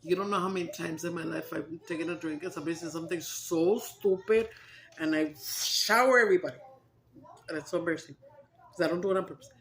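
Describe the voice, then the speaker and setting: A woman's voice: fairly low pitch, fast, slight background noise. A woman chatting casually to her viewers as a vlogger, laughing often and mixing in Spanish. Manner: giggly, breaks into laughter, mixes Spanish into English. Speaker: mukbang vlogger.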